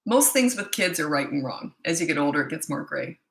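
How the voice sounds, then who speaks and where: A woman's voice: low voice, expressive, fairly quick, gravelly, reverberant. A woman parenting coach giving blunt, emphatic advice in a casual monologue, repeating her points for stress.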